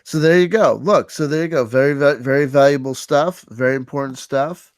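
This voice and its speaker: A man's voice: mid-range voice, fairly quick, no echo. A man hosting a live stream, giving a mock-earnest, sarcastic lecture and often repeating his words. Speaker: host running a mock workshop.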